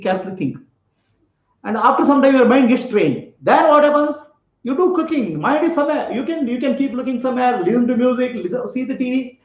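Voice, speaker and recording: A man giving a spiritual talk, telling a parable, asking his listeners questions and often laughing. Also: very high voice. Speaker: spiritual teacher. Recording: echoey room, slightly dull lo-fi sound.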